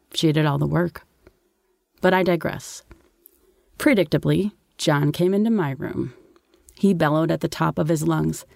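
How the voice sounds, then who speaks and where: A woman's voice: sits low, gravelly, darkish tone, dry recording, studio quality. A woman reading a first-person story in a wry, sardonic way. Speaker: narrator. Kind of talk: first-person audiobook narration.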